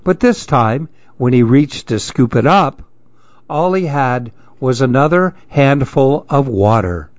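Slow, sing-song male storyteller. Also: mid-range voice, no echo. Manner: expressive, sing-song reading. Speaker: narrator. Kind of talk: storybook reading. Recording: dull dry close recording.

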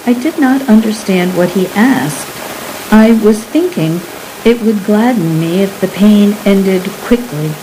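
A woman narrating a story in the first person, slow and hushed with fear. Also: mid-range voice, slight background noise, rough recording.

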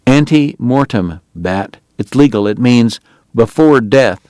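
A man voicing a stubborn, plainspoken grown man who talks bluntly and deliberately. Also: mid-range voice, lively intonation, warm tone, no echo. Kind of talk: audiobook character voice.

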